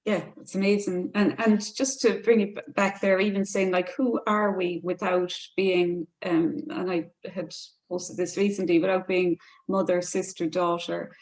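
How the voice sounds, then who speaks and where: A woman's voice: fairly low pitch, little pitch movement, moderate pace, a little mellow, low-quality recording. A woman hosting an interview, speaking thoughtfully with frequent hesitations. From Ireland. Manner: thoughtful, searching, many hesitations. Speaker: host. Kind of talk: casual interview talk.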